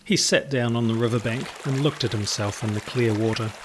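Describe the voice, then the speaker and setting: A man reading a children's picture book aloud in an expressive, theatrical way. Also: medium pitch, fairly quick, background noise. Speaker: storyteller.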